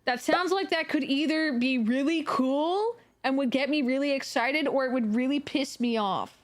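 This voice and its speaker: A woman streaming live, chatting casually with viewers while she plays, animated, laughing a lot and swearing freely. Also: sits high, moderate pace. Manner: answers viewer chat while playing.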